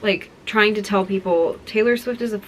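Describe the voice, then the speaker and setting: A young woman vlogging in a casual, excited way, gushing and rambling as she shows gifts to her viewers. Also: medium pitch, moderate pace, a little hiss or hum, low-quality recording. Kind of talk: casual chat to camera.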